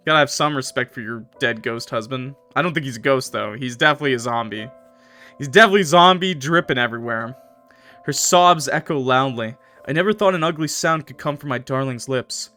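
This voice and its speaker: A young man playing a horror visual novel, reading the narration aloud and cutting in with crude jokes and loud laughs. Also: medium pitch, normal speed. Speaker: let's play streamer. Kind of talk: reading aloud and joking commentary. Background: faint game music.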